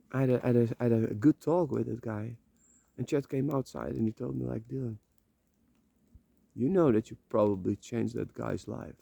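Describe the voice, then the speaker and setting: Brief: man, mellow low-brightness tone, rambling confessional vlogger, repeats himself, swears freely, dry close sound. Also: creaky, no echo. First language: Dutch. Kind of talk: emotional personal vlog monologue. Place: rented room.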